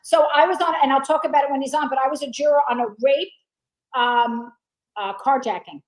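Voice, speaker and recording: A woman guest in casual chat, loud and swearing, telling a story with acted quotes. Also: high voice, brisk, poor audio.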